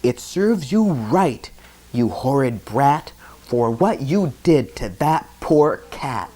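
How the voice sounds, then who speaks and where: Man playing a bossy little girl, scolding, slow pointed words, raised lively pitch, storybook. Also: low-quality recording.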